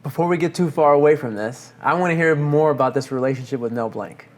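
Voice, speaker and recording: Man asking slow, deliberate questions. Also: fairly high pitch. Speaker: podcast host. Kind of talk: interview questions.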